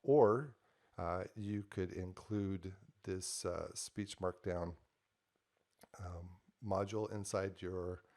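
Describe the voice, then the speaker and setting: Low gravelly-voiced man demoing code. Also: slow, a little mellow. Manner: loose and conversational with frequent fillers. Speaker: software developer demoing a project. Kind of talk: casual screen-share tutorial.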